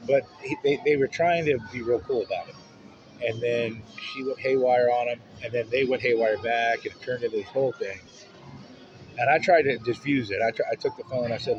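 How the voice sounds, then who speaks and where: A man's voice: medium pitch, fairly quick, background noise. Profane man rambling through a story. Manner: rambling and profane, with frequent restarts. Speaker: vlogger. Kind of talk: casual personal storytelling. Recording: dull audio with music underneath.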